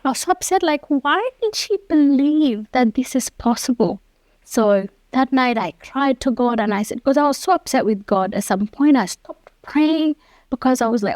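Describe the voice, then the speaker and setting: Woman around 50 telling her story, earnest, acts out the quotes, fairly high voice, dry sound. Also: expressive, normal speed, darkish tone, no room sound. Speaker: interview guest. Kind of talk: personal storytelling.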